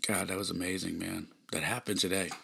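A man hosting a podcast, earnestly telling a personal story, emotional and close to tears, often dropping to a hushed near-whisper. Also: low-pitched. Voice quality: gravelly, husky. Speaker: podcast host.

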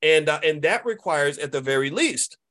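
Emphatic middle-aged man hosting commentary. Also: moderate pace. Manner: emphatic, repetitive, tag questions; mimics others in high excited voices. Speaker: host. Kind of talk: casual commentary monologue.

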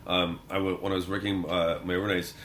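A man's voice: low-pitched, flat delivery, quick pace, fairly bright tone. A man co-hosting a podcast, telling stories in a casual, rambling way and laughing often. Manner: laughs often, rambling storytelling with many fillers. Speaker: podcast co-host. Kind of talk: casual chat.

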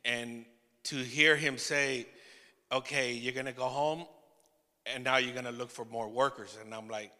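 A man preaching a testimony sermon to his church, telling the story with laughing asides and halting restarts. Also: medium pitch, sharp tone, in a large hall. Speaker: pastor.

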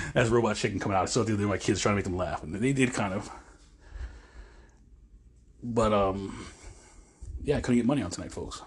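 Fairly low in pitch with a breathy edge, this forties-aged male podcast host rambles casually while walking around. He interrupts himself often, leaving phrases unfinished, and addresses the audience as "folks."

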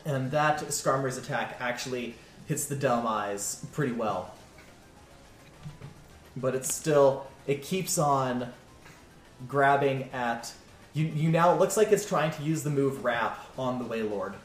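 A man running a tabletop game, narrating the scene in a lively, descriptive way. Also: mid-range voice, unhurried, roomy sound, faint music behind. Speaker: game master.

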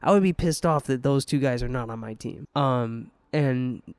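A man's voice: medium pitch, normal speed, dry recording. A man co-hosting a casual sports podcast, opinionated and self-deprecating, with lots of fillers. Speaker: podcast co-host.

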